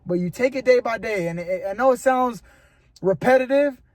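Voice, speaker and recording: A man's voice: very high-pitched, normal speed, dry recording. A young man vlogging casually to the camera, earnest and rambling, giving motivational talk and calling his viewers "bro". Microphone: camera mic.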